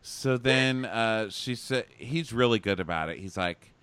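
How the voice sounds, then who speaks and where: A man's voice: on the low side, a little slow, hardly any pauses, fairly bright tone, clear, resonant tone, no room sound. A man co-hosting a podcast, recapping a show in casual, sarcastic chat and mocking the people he quotes. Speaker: podcast co-host.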